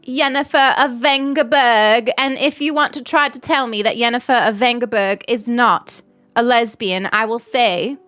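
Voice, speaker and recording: A woman's voice: a little high, steady tone, normal speed, a bit bright, faint music behind. A young adult woman streamer chatting casually and giggling as she thanks donors on a live stream.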